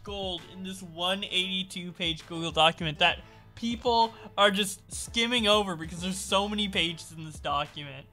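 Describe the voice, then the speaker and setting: A woman's voice: on the low side, moderate pace, bright, forceful tone, soft background music. A woman doing reaction commentary, reading a document aloud in a profane, mocking and dramatic way. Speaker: online commentator.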